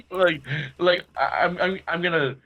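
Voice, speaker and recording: A man's voice: high voice, slow pace, dry recording, muffled recording. A man playing in a tabletop game, giggling and stammering as he says what his character does. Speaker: player.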